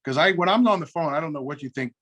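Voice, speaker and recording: His voice fairly high and fairly bright with lively intonation, a middle-aged man appears as a guest. In casual talk he spins a long, foul-mouthed tale, quickly playing both parties on phone calls and quoting the exchanges.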